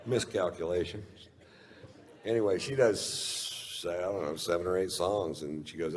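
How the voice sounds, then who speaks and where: A man's voice: low-pitched, normal speed. A middle-aged man doing stand-up, telling a long story in a laid-back, drawling, profane way. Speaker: stand-up comedian. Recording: live stage recording in a reverberant hall.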